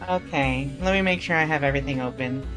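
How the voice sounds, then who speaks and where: A woman's voice: low voice, fast, fairly bright tone, soft background music. A woman streamer chatting casually with her viewers during a live game stream.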